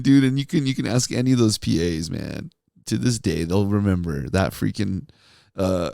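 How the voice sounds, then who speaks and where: A man's voice: on the low side, lively intonation, moderate pace, vocal fry, warm tone, dry recording, clean studio sound. A man who hosts a podcast and used to be a radio DJ, telling stories in a laid-back way, laughing often and saying "dude" and "man". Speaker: podcast host, former radio DJ. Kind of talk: casual storytelling monologue.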